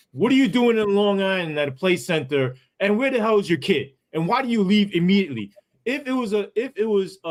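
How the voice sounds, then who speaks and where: A man, a former police sergeant who tells his story as a podcast guest in a heated, profane way, full of asides. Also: high-pitched.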